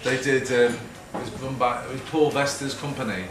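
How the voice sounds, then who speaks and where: A man's voice: medium pitch, fairly even intonation, normal speed. A middle-aged man with a Liverpool accent, telling rambling, self-mocking stories to an audience and acting out quotes. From Liverpool, England. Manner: chatty, self-mocking, acts out quotes, laughs often. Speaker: guest speaker. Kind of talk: rambling anecdotal talk to an audience. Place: event hall with a live audience. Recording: echoey hall, mic from far off, background noise.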